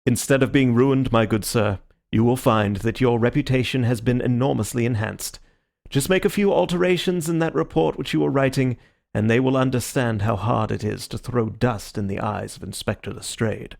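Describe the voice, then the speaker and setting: With a creaky, medium-pitched voice, a male narrator gives a lightly acted audiobook performance. He portrays a gentleman detective who is calm and theatrical, with a measured, courteous bearing.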